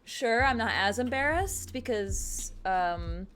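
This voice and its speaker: A woman from Michigan in casual chat, halting with many restarts and trailing phrases. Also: fairly high pitch, lively intonation, a bit bright, a little hiss or hum. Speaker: co-host.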